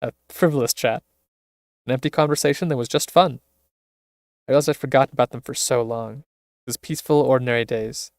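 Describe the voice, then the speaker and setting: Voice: medium pitch, fairly quick, long pauses, darkish tone, no echo. Chatty streamer on a dry mic. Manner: chatty, with wry asides. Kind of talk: reading a visual novel aloud.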